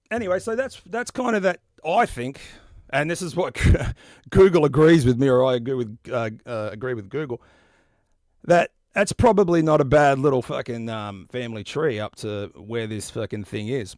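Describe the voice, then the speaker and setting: A man in his forties hosting a stream, chatting casually and profanely in a rambling, animated way. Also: mid-range voice, no echo, studio quality. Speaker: podcast host. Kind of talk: casual chat about metal albums.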